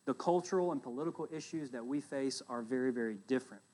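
A man preaching a sermon as pastor, retelling a scripture story with loud emphatic bursts and quiet, dropped asides. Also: mid-range voice, quick pace.

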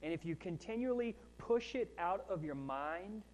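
A man's voice: sits high, lively intonation, moderate pace, a little mellow, highs cut off. A man preaching a sermon in a conversational way, with asides and rising emphasis on key points. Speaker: pastor.

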